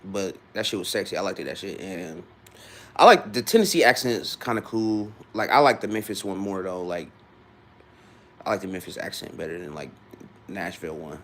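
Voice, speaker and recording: A man's voice: low voice, animated, a little fast, a bit bright, slight background noise. A young man in his twenties from Ohio, rambling casually to his live-stream viewers with loose restarts. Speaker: livestreamer.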